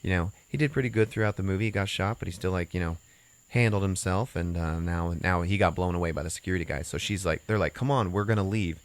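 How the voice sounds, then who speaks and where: A man's voice: deep voice, fairly even intonation, quick pace. A man hosting a podcast, casually retelling a story with rambling asides and acted-out quotes. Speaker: podcast host. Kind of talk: casual chat.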